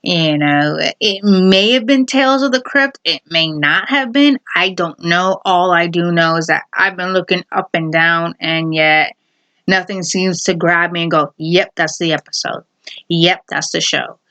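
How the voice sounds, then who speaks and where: A woman casually retelling a half-remembered TV episode, rambling with many fillers and quick acted quotes. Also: on the low side, bright, forceful tone. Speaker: video host.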